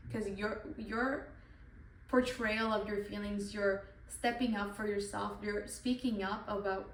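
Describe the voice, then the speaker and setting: A woman's voice: medium pitch, steady tone, fairly quick, recorded from a distance. Earnest young woman, echoey and off-mic. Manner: earnest, repetitive, many "like" fillers. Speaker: channel host. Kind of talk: devotional Bible talk. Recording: echoey room, voice off-mic, faint noise.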